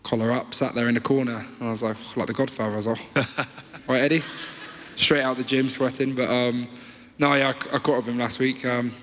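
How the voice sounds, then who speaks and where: A man's voice: medium pitch, a little fast, slight background noise. Chatty Cornish man in a live hall. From Cornwall. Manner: relaxed, chatty, laughs easily. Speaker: guest, rugby player. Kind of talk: live podcast interview. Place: live theatre stage. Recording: live venue with long reverb.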